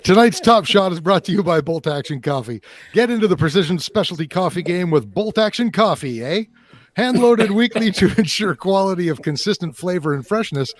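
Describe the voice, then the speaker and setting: A man putting on a folksy, over-the-top Canadian ad-reader with a slightly high voice. He drags out words with tongue-in-cheek relish in a jokey sponsor read. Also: lively intonation, brisk. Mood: mock-folksy. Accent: exaggerated Canadian.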